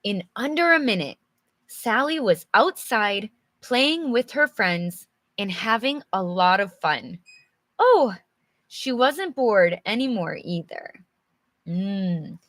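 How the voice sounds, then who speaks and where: Slow, giggly teacher woman. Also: mid-range voice, dry recording. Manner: giggly, animated, chatty with viewers. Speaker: English teacher. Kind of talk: live storybook reading with chat.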